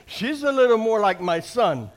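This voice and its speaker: Older man, conversational sermon, fairly high voice, plain-spoken, repeats phrases, frequent amen checks. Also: big pitch swings, measured pace. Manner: keeps asking the crowd "amen?" and "right?". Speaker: church speaker sharing testimony.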